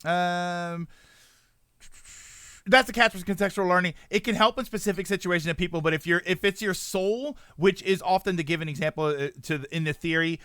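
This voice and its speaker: A man's voice: high-pitched, brisk, a bit bright, clear, resonant tone, no room sound, clean studio sound. A man streaming live, chatting casually and rambling as he answers his chat and corrects himself often.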